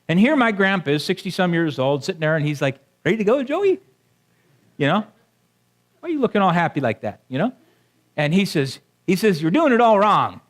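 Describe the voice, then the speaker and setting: A male pastor preaching a sermon to his congregation. He keeps it conversational and often stops to ask the people in front of him questions. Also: on the high side. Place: church sanctuary before a congregation.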